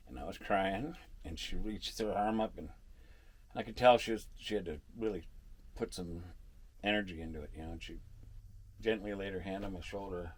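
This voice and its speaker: A man vlogging in a casual, rambling monologue, telling a story and chuckling often at his own jokes. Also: on the low side. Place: parking lot.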